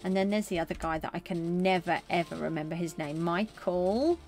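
A middle-aged woman streaming a game, chatting casually with viewers and answering them in a gentle, consoling way. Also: fairly low pitch, fairly quick, faint music behind. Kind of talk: casual live-stream chat.

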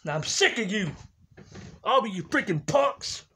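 A man doing a furious young man in a comedy skit, shouting his whole rant at a high pitch. He curses through every line. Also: big pitch swings, unhurried, breathy edge, heavily acted. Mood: raging. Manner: yelling, cursing rant.

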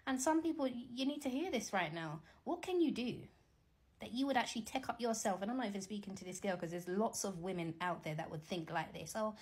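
A middle-aged woman gives animated, teasing, preachy commentary as a Christian vlogger, talking casually from home. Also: medium pitch, a little fast, breathy edge.

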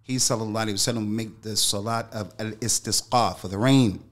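A man's voice: lowish voice, fairly even intonation, fairly quick. A middle-aged man, an Islamic scholar, speaking as a guest in an interview. He talks emphatically in casual slang and repeats phrases to drive a point home. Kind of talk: interview storytelling.

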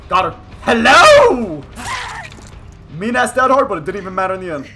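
A young man giving excited, profane live commentary while playing a video game and talking at his opponents. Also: high-pitched, very fast. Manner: hyped, profane, talks to opponents on screen. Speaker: gaming streamer. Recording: game music behind the voice.

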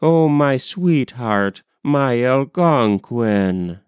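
A young woman's mournful song for her departed lover, from a poem reading, carried by a tender, repeating refrain. A man reads it in his own voice. The pace is very slow and the tone is smooth and dry. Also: mid-range voice, expressive, a little mellow, dry recording.

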